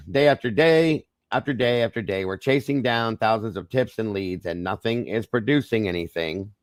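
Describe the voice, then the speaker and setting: A man's voice: mid-range voice, lively intonation, moderate pace, dry recording, clean studio sound. A man hosting a true crime livestream, reading reports aloud and commenting casually to his viewers, his voice strained. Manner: conversational, addresses viewers as guys, frequent okays and apologies. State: voice strained, trying not to lose it. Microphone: streaming microphone.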